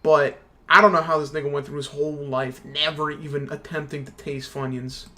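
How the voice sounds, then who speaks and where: A man's voice: on the high side, little pitch movement, fairly quick, bright, forceful tone. A young man streaming a game from his computer, ranting in a casual, profane, slang-heavy way. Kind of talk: casual gaming stream rant.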